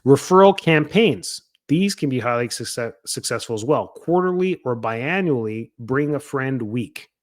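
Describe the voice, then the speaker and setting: A man hosting a coaching show for chiropractors, talking in a casual, energetic way and acting out what people might say. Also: mid-range voice, normal speed, few pauses. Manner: energetic and chatty, acts out quoted lines. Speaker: podcast host coaching chiropractors.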